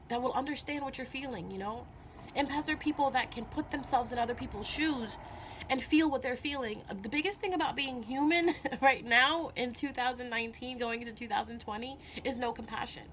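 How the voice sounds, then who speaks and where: Woman vlogger, fairly high voice, earnest and heartfelt, slightly emotional, faint background hiss. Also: fairly bright tone. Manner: earnest, repeats herself, many "you know"s. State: a little emotional. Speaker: spiritual vlogger. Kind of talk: casual heartfelt talk to camera.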